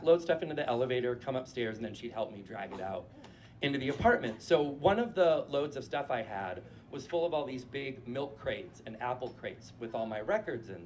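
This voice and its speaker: A man in his forties from New Hampshire, telling a casual, profane and animated story on stage before a live audience. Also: medium pitch, slight background noise.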